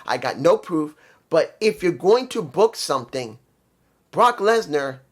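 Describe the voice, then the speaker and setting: A man in his fifties giving a rambling, opinionated solo review and venting frustration in casual talk. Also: on the high side. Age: 50s. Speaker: wrestling commentary vlogger.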